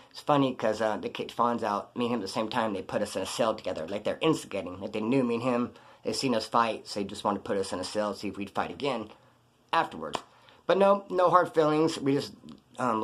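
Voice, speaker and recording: Man, fast-paced, blunt, profane, street slang, storytelling vlog. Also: on the low side, fairly bright tone. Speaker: vlogger telling a prison story. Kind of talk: casual storytelling.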